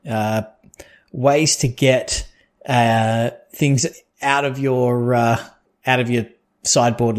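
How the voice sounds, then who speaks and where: A man's voice: medium pitch, darkish tone. A man co-hosting a casual podcast about a trading card game, talking in loose, rambling sentences full of fillers and restarts. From Australia or New Zealand. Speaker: podcast co-host.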